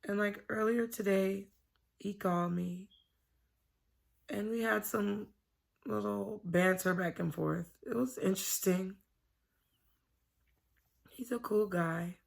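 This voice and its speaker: A woman's voice: medium pitch, slow, vocal fry, long pauses. A woman vlogging to camera from home, talking in a candid, rambling way and swearing freely. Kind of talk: casual confessional chat to camera.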